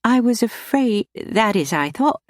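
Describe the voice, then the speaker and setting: A shy, earnest young woman, as a narrator puts her on in an audiobook. Her voice lifts high and a little breathless, and she talks with an eager rush. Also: very animated, measured pace, dry recording, studio quality. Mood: nervous.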